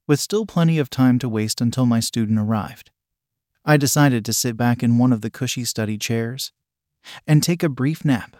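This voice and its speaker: A man reading a first-person story aloud at a steady, measured pace. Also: mid-range voice, dry recording, studio quality. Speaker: narrator.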